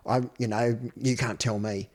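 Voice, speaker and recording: A man's voice: mid-range voice, steady tone, moderate pace, darkish tone. An Australian man in his fifties, a guest telling his life story with blunt, profane candor. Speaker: interview guest. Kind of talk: candid personal storytelling.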